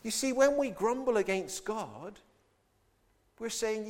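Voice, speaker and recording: A man's voice: high voice, lively intonation, takes it slowly. A man preaching a sermon with emphatic delivery, acting out the voices of biblical figures in the quotes.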